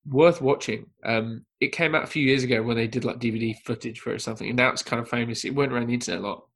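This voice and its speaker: A man chatting casually on a film discussion podcast, telling a story with lots of energy. He leans into the tale and jumps his voice up high whenever he quotes someone. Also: steady tone, rapid-fire, fairly bright tone. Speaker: podcast panelist.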